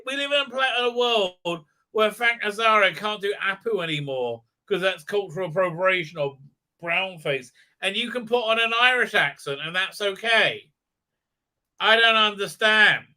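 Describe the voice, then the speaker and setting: A man's voice: a little high, pushed and bright. A man ranting sarcastically in a show review, swearing often and full of fillers and restarts. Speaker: commentator.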